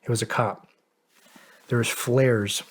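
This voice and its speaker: A middle-aged man appears as a podcast guest, spinning a long story in a casual, profane, self-mocking style. His mid-range voice moves slowly, and he stays animated, swearing and laughing at himself.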